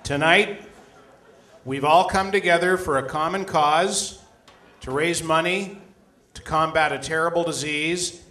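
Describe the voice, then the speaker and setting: Event host, male, slightly high voice, rousing, echoey hall. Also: pushed and bright. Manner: rousing, drawn-out comic list. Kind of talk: event hosting.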